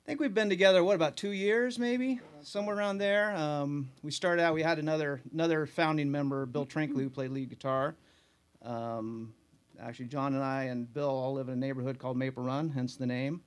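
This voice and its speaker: A middle-aged man, singer and songwriter of a country band, talking in a relaxed, soft-spoken way with many fillers in a radio studio interview. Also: on the high side, brisk, clean tone. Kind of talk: radio interview and live song. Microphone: studio microphone. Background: his own country band playing live.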